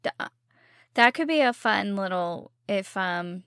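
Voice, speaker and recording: A woman's voice: mid-range voice, expressive, a little slow, fairly bright tone, clear, resonant tone, no room sound, studio quality. A young woman co-hosting a podcast, joking and bantering in casual chat. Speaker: podcast co-host.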